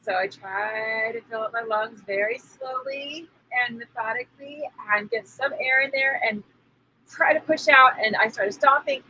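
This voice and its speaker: A woman telling a story in casual conversation as a spiritual teacher co-hosting a live stream, animated and laughing as she acts out the people in it. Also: on the high side, unhurried, a little hiss or hum, poor audio. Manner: animated, acts out quoted voices, laughs often.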